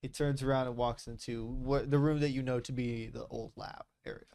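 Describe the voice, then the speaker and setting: A man's voice: medium pitch, steady tone, a little fast, creaky, darkish tone. A man running a tabletop game as game master, talking casually and plainly.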